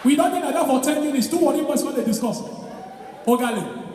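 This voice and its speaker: Loud Nigerian comedian in an echoey hall. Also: male voice, very high-pitched, quick pace. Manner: loud, animated storytelling in Pidgin, shouting punchlines. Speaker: stand-up comedian. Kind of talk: live stand-up comedy. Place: large hall with live audience. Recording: echoey hall recording from far off, crowd noise.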